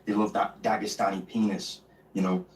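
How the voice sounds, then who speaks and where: A man's voice: lowish voice, little pitch movement, normal speed. A man telling a rambling mock testimonial, filling gaps with "you know what I mean". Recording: echoey distant clip with faint noise.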